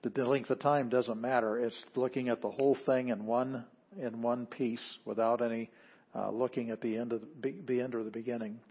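A man teaching a Greek grammar class, explaining plainly and leading students through a slow read-aloud. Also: mid-range voice, level tone, slightly rough. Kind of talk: classroom lecture. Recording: dull lo-fi classroom recording.

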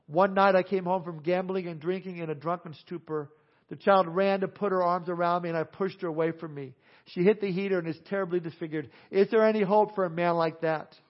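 Brief: preacher playing a desperate, guilt-stricken man, higher voice, muffled lo-fi recording. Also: natural voice. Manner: pleading, raised and emphatic. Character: remorseful grown man, gambler and saloon keeper, pleading. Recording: dull lo-fi sound.

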